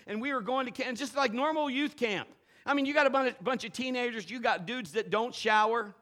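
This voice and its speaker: A man with a very high-pitched voice preaches briskly during a church service. Lively and playful, he alternates loud urging with soft, quiet remarks.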